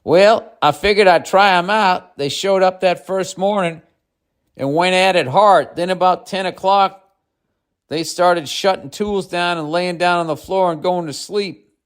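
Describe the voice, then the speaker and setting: Brief: folksy Southern-accented male carpenter, exasperated drawl, pitched up, put on by a man. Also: a little slow, smooth. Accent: American Southern. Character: Southern male carpenter telling a work story.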